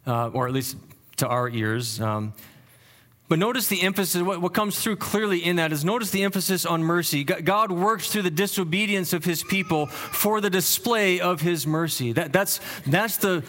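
A man preaches a verse-by-verse sermon in a voice that sits a little higher than most men's. He talks it through earnestly, restarting phrases as he goes, and lifts his voice to stress the points he wants heard. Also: normal speed, a bit bright. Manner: earnest, repeats words as he thinks aloud. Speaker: pastor. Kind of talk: expository sermon.

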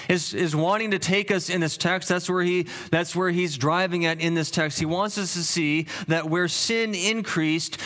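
A middle-aged male pastor delivers a teaching sermon in an earnest, explanatory way. His voice sits a little higher than most men's. He backs up and restarts phrases as he unpacks the meaning of words for his listeners. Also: fairly bright tone. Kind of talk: expository sermon.

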